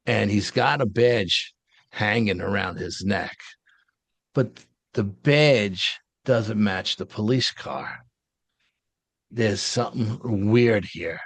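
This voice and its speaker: A man's voice: on the low side, takes it slowly, gravelly, long pauses, fairly bright tone, breathy edge, dry recording. A man, an interview guest telling a story in a casual, blunt, street-wise way. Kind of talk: casual first-person storytelling.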